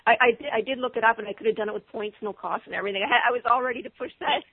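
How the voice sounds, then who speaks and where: A woman's voice: fairly high pitch, rapid-fire, creaky, breathy edge, no echo. A woman guest in a casual conversation, agreeable and laughing easily as she recounts her story. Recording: tinny phone-line sound.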